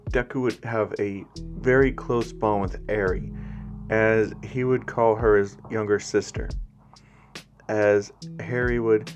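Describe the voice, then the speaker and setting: Male storyteller, deep and unhurried, casual and rambling. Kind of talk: casual fan story narration.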